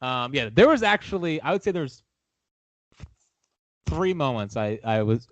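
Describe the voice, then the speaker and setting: A man's voice: mid-range voice, very animated, moderate pace, dry recording. A man, a guest on a podcast, in casual sports chat, opinionated and enthusiastic. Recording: dull lo-fi recording.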